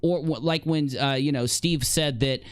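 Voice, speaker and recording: A man's voice: a little high, fairly even intonation, normal speed, smooth, no echo. A man hosting an online commentary video, confronting his opponent directly in a mocking, combative way. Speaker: commentary host.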